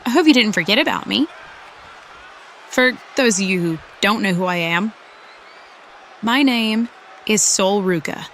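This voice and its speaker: A woman plays a cocky young female surfer wrestler who taunts her rival with confidence. She speaks at an unhurried, deliberate pace, and her tone is bright and sharp. The promo is part of a fan-voiced wrestling game story. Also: medium pitch, a little hiss or hum.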